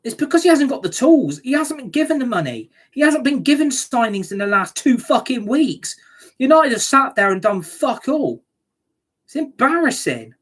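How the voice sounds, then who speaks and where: A woman's voice: on the high side, breathy edge. A woman ranting angrily as a football fan reacting to a match, sweary and scornful.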